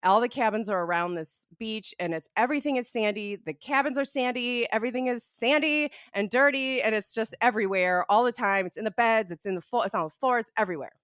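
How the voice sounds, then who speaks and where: A woman's voice: on the high side, fairly quick, hardly any pauses, no room sound, studio quality. A young woman co-hosting a casual podcast, telling stories in a chatty way with lots of fillers. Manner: chatty, lots of "like", animated storytelling. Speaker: podcast co-host.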